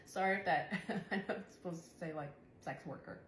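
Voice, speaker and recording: Speaking a little fast at a fairly low pitch, a young woman delivers a chatty, casual tarot reading monologue, laughing and cursing a lot. Faint background noise and room echo can be heard.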